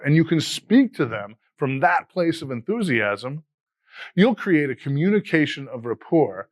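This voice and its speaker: A man's voice: a little high, no echo. A man in his fifties, an educator, giving a scripted, earnest motivational talk to fellow teachers. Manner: earnest, motivational, measured delivery. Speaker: educator and podcast host.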